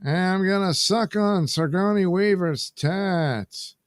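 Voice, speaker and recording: A man voicing a goofy, crude cartoon man in a high, squeaky put-on voice. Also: slow, no room sound, clean studio sound. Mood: gleeful.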